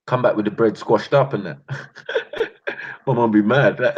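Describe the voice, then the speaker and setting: Unhurried and mid-range with a breathy edge, a North London man with a London accent hosts his channel with a casual monologue. He tells street stories animatedly, full of slang and laughter. The recording is dull and lo-fi.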